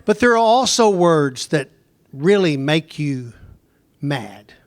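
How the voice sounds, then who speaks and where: High-voiced man teaching a Bible class. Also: sing-song, slow, no room sound. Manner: conversational, digressive, asks the class questions. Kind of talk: Bible lesson lecture.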